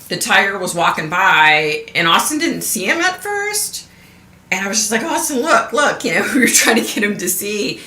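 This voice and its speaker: Middle-aged woman vlogger, chatty storyteller, bright edge, somewhat low voice, roomy sound. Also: gravelly. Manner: chatty storyteller, laughs often, acts out quotes. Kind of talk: casual livestream chat.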